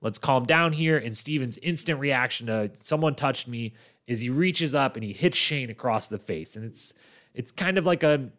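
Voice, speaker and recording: A man of middle pitch talks through a reality show recap in a loose, chatty way. He tells the story with animation and fills it with "like" and "you know." When he quotes people, his voice jumps up to play them. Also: animated, normal speed, fairly bright tone. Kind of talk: casual recap monologue.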